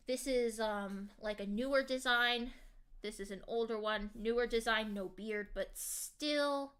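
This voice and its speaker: A woman's voice: on the high side, a little slow, fairly bright tone, clear, resonant tone. A woman streamer chatting casually to her viewers while she draws, with a lot of ums and likes. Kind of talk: casual livestream chat while drawing.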